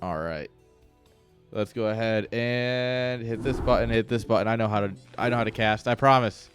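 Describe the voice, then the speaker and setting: An esports caster covers a game stream in a lowish voice at normal speed, chatting casually, joking and teasing, and laughing often. Faint music plays in the background.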